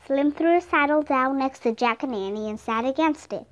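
A woman whose first language is Vietnamese, reading a children's audiobook aloud in a clear, expressive way. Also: high-pitched, normal speed, few pauses. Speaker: storybook reader.

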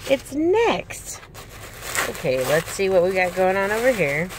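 A woman chatting casually and gushing excitedly while unboxing a gift, recorded on a handheld camera inside a car. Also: mid-range voice, measured pace, noisy background. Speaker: reborn doll vlogger. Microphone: handheld camera, no tripod.

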